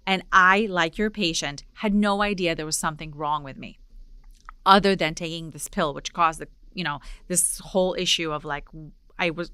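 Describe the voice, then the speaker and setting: A podcast host in her forties who grew up in Poland tells a personal story, slipping into the voices of the people in it. Her voice sits low but rings bright and forceful. The sound is smooth and dry, close to the mic. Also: no room sound. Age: 40s. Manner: animated storyteller, acts out dialogue. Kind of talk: casual interview storytelling.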